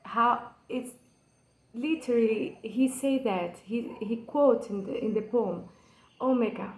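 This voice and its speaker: A Brazilian woman with a Brazilian Portuguese accent hosts a channel and explains a poem in English as a second language, speaking slowly in a slightly mellow voice on the high side. Her earnest explanation is passionate but hesitant, with frequent fillers and restarts, and the low-quality recording has a roomy sound.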